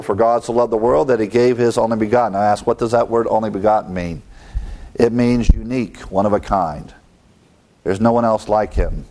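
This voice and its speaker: A man preaching an expository sermon in an earnest teaching tone. His voice sits in a middle pitch, and he quotes scripture and asks his listeners rhetorical questions. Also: vocal fry, a little mellow.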